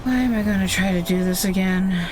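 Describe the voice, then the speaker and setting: A woman's voice: mid-range voice, fairly quick, background noise. A woman streaming a video game, commenting casually in a blunt, opinionated way with plenty of swearing.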